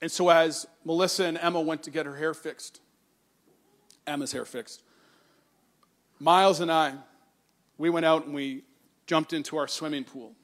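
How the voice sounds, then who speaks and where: A middle-aged male pastor giving a sermon, telling a family story with animated quoted voices, then turning earnest and soft on scripture. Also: fairly high pitch, normal speed, pauses often.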